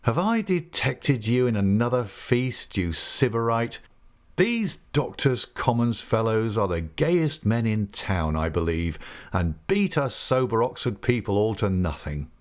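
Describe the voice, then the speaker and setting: A man reading an audiobook, voicing a jovial, careless young gentleman who talks in a hearty, mocking way. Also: fairly low pitch, big pitch swings, unhurried. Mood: jovial teasing. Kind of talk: audiobook character voice.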